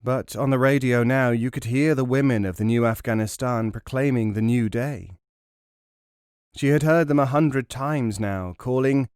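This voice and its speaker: A man narrating a novel as an audiobook in a measured, dramatic storytelling manner. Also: mid-range voice, a little mellow, smooth, no echo, clean studio sound.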